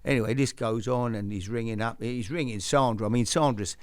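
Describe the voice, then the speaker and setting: A man's voice: medium pitch, a little fast, smooth, no echo, clean studio sound. An older man hosting a show, telling a rambling anecdote in casual chat and acting out the voices he quotes. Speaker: host.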